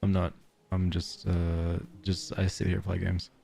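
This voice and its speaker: Low gravelly Australian streamer, joking. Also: male voice, monotone, a little slow, dark tone. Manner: joking, self-deprecating, laughs often. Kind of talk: casual chat with stream viewers.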